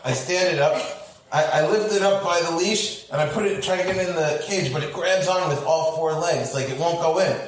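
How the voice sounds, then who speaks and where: A man hosting a podcast, telling a story in casual chat and acting out the voices with big swings in pitch. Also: brisk, recorded from a distance. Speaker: podcast host. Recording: roomy and off-mic.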